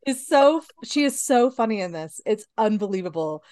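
A woman's voice: mid-range voice, expressive, moderate pace, a little mellow, no room sound, clean studio sound. A woman co-hosting a podcast, chatting casually about movies, with frequent laughs and fillers. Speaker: podcast co-host.

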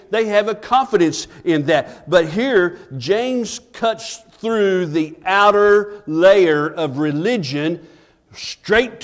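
A man preaching a sermon as pastor at a church service. He preaches earnestly, asks the congregation "Amen?", and drops to a hushed voice when telling stories. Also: sits high.

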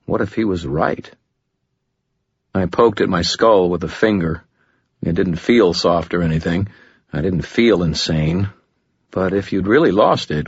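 A man with a husky voice narrating a story in the first person, with a dry, wry inner monologue. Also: low-pitched, dry recording. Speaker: audiobook narrator. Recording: dull lo-fi audiobook recording.

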